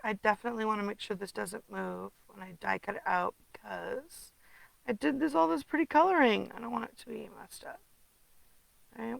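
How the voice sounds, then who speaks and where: A woman's voice: medium pitch, fairly quick, vocal fry, dry recording, low-quality recording. A woman casually demonstrating card making at her desk, chatty, humming to herself and muttering asides. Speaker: craft demonstrator.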